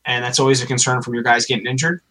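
A man's voice: medium pitch, level tone, rapid-fire, sharp tone, low-quality recording. A man co-hosting a casual sports podcast, giving opinions with lots of hesitation and restarts. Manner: hesitant, many fillers and restarts. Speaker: podcast co-host.

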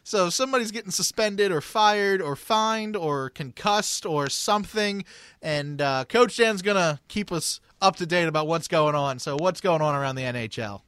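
A man's voice: high-pitched, moderate pace, fairly bright tone, clear, resonant tone, no echo. A man hosting a casual hockey podcast, playful and teasing his co-host, laughing often.

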